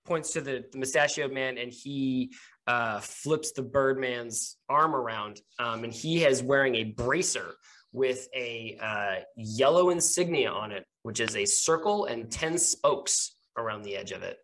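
A man narrating as game master of a tabletop game, his pitch sitting in the middle of the range. He stops and starts often, filling gaps with ums and uhs. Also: fairly bright tone. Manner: halting, many ums and uhs.

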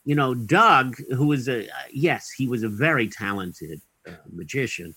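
A man's voice: medium pitch, expressive, a little slow, bright, forceful tone, breathy edge, no echo, rough recording. A man being interviewed as an actor, telling long anecdotes in a wry, chatty way with dry comic timing, many fillers and restarts. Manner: dry comic timing, chuckling at his own punchlines. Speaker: actor guest.

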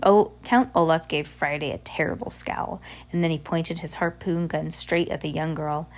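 Woman reader, fairly low voice, plain steady storybook narration. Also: normal speed. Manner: steady, plain reading with small slips. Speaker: audiobook reader. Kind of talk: storybook narration read aloud.

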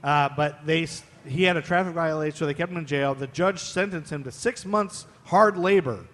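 A man's voice: a little high, normal speed, fairly bright tone, slight background noise. Man telling history stories on a live stage. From Ohio. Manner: chatty, playful history storyteller. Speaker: podcast co-host. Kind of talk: live podcast chat. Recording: long reverb of a live stage.

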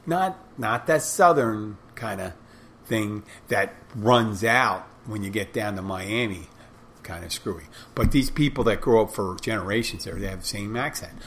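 Man, podcast host, lowish voice, rambling casual monologue, faint noise behind. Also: normal speed, a bit bright. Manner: rambling, conversational, self-correcting.

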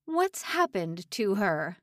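A woman's voice: mid-range voice, big pitch swings, slow pace, a bit bright, no echo, clean studio sound. A woman voicing a cruel male prison official with a nasal voice who rages and mocks. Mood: raging. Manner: raging, mocking.

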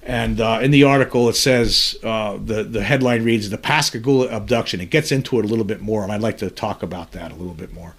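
Somber podcast host reading the news. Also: male voice, lowish voice, quick pace, hardly any pauses, husky. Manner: earnest, somber commentary between read passages. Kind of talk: reading news articles aloud with personal commentary.

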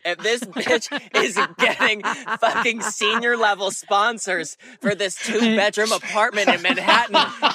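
A man's voice: high-pitched, unhurried, few pauses, a crowd in the background. Brash, profane man ranting advice. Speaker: advice podcast co-host. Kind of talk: casual advice chat.

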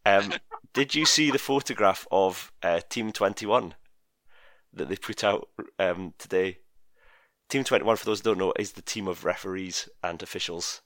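A man's voice: low-pitched, normal speed, fairly bright tone, no echo. A man hosting a podcast, teasing his co-hosts in casual, rambling chat. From Scotland. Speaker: podcast host.

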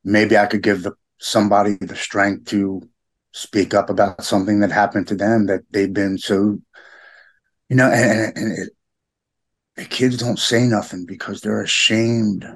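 Gravelly, husky middle-aged man. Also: fairly low pitch, level tone. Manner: halting, repeats words, earnest. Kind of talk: emotional podcast conversation.

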